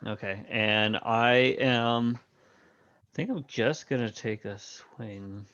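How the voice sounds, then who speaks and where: Slow, hesitant man on a dull dry mic. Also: mid-range voice, fairly bright tone, dry recording. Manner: hesitant, laughing, full of fillers. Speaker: player. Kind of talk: casual tabletop game play.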